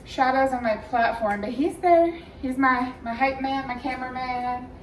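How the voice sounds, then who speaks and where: A woman's voice: high-pitched, steady tone, normal speed. A young woman hosting her own vlog, chatting casually and signing off in a friendly, upbeat way. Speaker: vlogger, channel host. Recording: roomy and a bit distant, faint hiss.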